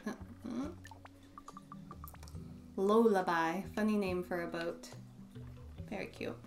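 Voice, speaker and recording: A woman giving casual let's play commentary in quiet, muttered asides. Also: mid-range voice, takes it slowly, vocal fry, over music.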